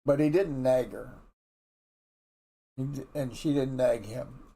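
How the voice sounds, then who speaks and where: A man leads a relaxed morning Bible devotion in an ordinary mid-pitched voice, speaking slowly with a breathy edge. His folksy, candid manner feels conversational rather than preachy, and he frequently backtracks and restarts sentences while working through his thoughts.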